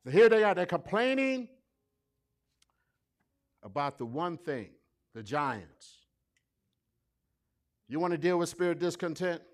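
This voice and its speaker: High-voiced preacher, loud and rising. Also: male voice, sing-song, takes it slowly, pauses often. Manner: swings from quiet asides to loud preaching peaks. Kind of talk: sermon.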